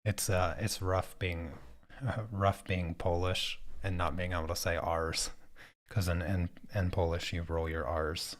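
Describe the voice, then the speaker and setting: Low-voiced man chatting while painting. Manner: relaxed, halting, repeats words while thinking. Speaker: art teacher host. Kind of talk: casual chat while painting.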